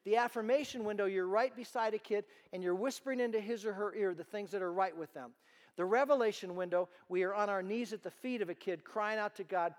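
A man giving a sermon-style talk to parents in a large room, telling stories in an animated way. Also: high voice, fairly quick. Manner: animated storytelling. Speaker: ministry speaker.

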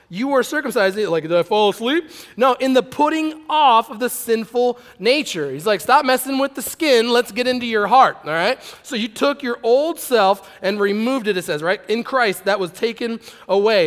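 A high-voiced man preaching a loose, casual sermon, joking with his listeners as he reads and acts out quotes. His talk rings with the long reverb of a large hall. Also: fairly bright tone. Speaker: pastor.

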